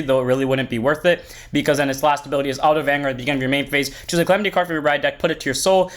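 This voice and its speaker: A man's voice: on the high side, a bit bright. A young man hosting a card game channel, giving a rambling, upbeat deck review with frequent self-corrections. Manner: upbeat and enthusiastic.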